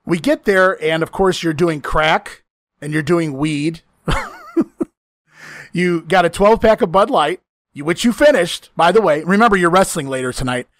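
High-voiced man telling a profane story. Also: normal speed, no echo. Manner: profane, laughs often, acts out quotes. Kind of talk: casual storytelling chat.

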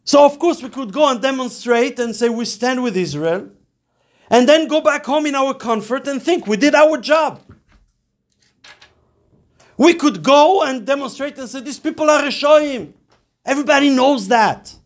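A man's voice: very high voice, moderate pace. A man giving a Torah class on Talmud, speaking earnestly and mixing Hebrew and Yiddish terms into his English, rising to urgent emphasis as he exhorts. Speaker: rabbi teaching Talmud.

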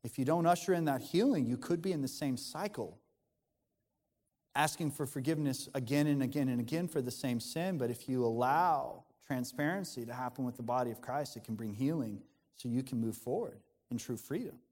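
A man's voice: mid-range voice, a little fast, darkish tone, in a large hall. A man, a pastor, preaching a conversational sermon in an earnest tone, often restarting his sentences.

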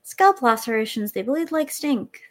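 A woman's voice: fairly high pitch, expressive, normal speed. A woman playing a tabletop role-playing game, speaking wryly and switching between her character's talk and narrating its actions. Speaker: player.

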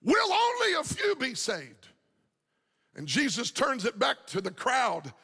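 High-pitched shouting preacher. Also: male voice, wildly swooping pitch, a little slow, slightly rough, in a large hall. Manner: impassioned, shouting and half-singing phrases. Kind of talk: shouted revival sermon.

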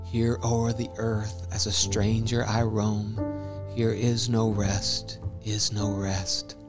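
A man voicing a grieving coal miner father who slowly half-sings a hymn in a subdued voice. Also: on the low side, little pitch movement, vocal fry, over music. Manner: slow, subdued half-sung delivery. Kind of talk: dramatic reading.

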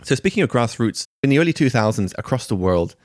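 A man's voice: mid-range voice, very animated, quick pace, a little mellow, no room sound, clean studio sound. A man hosting an interview, asking curious questions and steering the conversation. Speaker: interview host.

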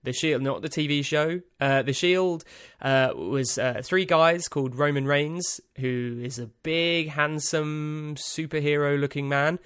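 Slow, rambling man, dry studio sound. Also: fairly high pitch, a bit bright, clear, resonant tone, no room sound. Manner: rambling, dry, self-amused, lots of ums and uhs. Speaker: podcast host. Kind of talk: casual solo podcast monologue.

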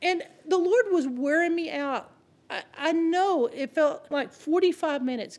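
A woman preacher with a fairly high voice, delivering a sermon. She talks straight to her listeners in a relaxed, conversational way, mixing scripture with funny personal stories. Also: normal speed. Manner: humorous storytelling with chuckles; conversational, addresses the congregation directly.

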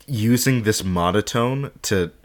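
A man's voice: fairly low pitch, measured pace. A man co-hosting a casual podcast chat, speaking earnestly and emphatically, with some swearing. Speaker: podcast co-host.

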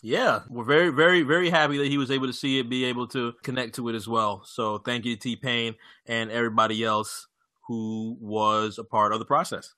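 A man's voice: mid-range voice, a little fast, dry recording. A young man co-hosting a casual podcast, talking loosely, swearing and laughing a lot. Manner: laughs often, swears, animated. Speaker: podcast co-host.

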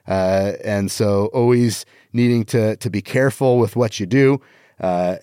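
A middle-aged man hosting a casual podcast, reading corny one-liners and pushing his punchlines high in pitch. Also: a little mellow, no room sound, studio quality. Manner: reads jokes aloud with exaggerated rising punchlines. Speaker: podcast host. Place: Las Vegas.

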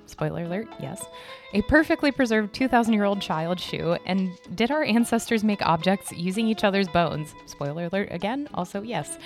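A woman hosting a podcast in casual, rambling chat, her voice a little hoarse from recently losing it, chipper and laughing often, on a desk mic at home. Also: mid-range voice, lively intonation, normal speed, soft background music. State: hoarse, recovering from lost voice. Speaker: podcast host. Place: home room decorated for Halloween.

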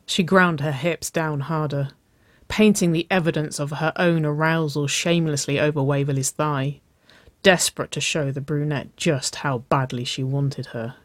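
A reader narrating intimate fiction in a slow, soft, hushed storytelling voice. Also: medium pitch, steady tone, no echo.

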